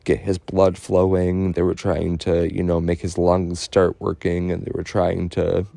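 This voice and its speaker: A man with a low, dark voice tells his own story in a halting monologue, stopping and restarting often. He speaks earnestly and lets his feelings show, and a gravelly fry runs through his words. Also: completely flat delivery, no echo. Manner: halting, with many fillers and restarts; earnest and openly emotional.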